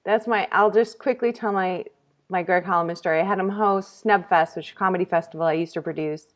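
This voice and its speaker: A woman hosting a casual comedy talk show, telling stories with lively energy and acting out quotes. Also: lowish voice, fast. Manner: animated storytelling, acts out quotes loudly.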